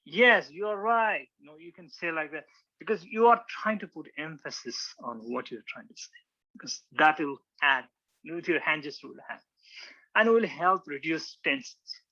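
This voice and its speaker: Guy teaching speech gestures, bright tone, kinda muffled audio. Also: a little high, expressive, moderate pace. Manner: demonstrative, acts out examples, frequent restarts. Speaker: public speaking club instructor. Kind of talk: informal teaching talk with slides.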